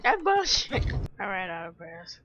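A woman gamer commentating her play, swearing, shouting in frustration and laughing. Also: medium pitch, sing-song, unhurried, muffled recording, over music. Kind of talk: gameplay commentary.

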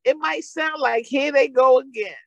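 A woman's voice: high-pitched, moderate pace, gravelly, no echo, dull audio. A woman pastor with a New York accent, preaching a sermon with fervent, repeated calls.

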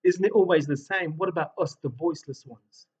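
A man's voice: a little high, brisk, darkish tone, breathy edge, dull audio, voice pushed up. A man voicing a brave little cockerel in a told story, earnest and pleading.

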